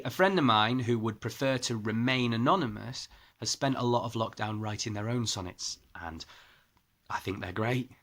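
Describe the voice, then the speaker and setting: A man hosting his own channel, talking casually to camera in an upbeat way and sometimes dropping to a quiet aside. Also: lowish voice. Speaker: channel host.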